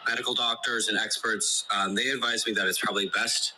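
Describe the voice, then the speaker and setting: A man hosting a podcast, making a halting announcement with many filler ums, heard from a phone video held up to the mic. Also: lowish voice, steady tone, sharp tone, a little hiss or hum, poor audio. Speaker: podcast host. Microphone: prerecorded video on a phone held to the mic.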